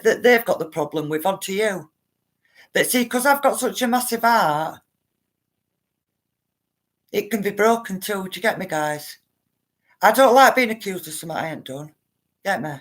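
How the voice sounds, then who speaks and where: A woman's voice: medium pitch, fairly bright tone. Blunt woman live-streaming. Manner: blunt, emphatic, repeats herself for stress; addresses viewers directly. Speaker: livestreamer reading viewer comments. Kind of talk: casual live-stream talk.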